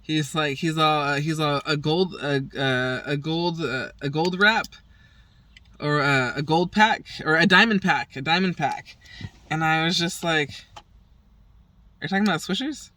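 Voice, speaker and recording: A woman's voice: sits low, a little slow, pushed and bright, distant mic. A woman hosting her own show, telling a rambling story in casual chat, swearing freely and acting out what everyone said. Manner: profane, acts out quoted dialogue, rambling. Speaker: podcast host.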